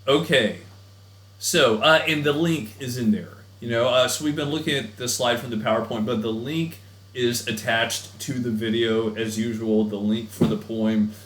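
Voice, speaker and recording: A man's voice: medium pitch, moderate pace, a bit bright, reverberant. A man teaching a recorded lesson in a chatty, enthusiastic way with many fillers. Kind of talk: recorded class lecture.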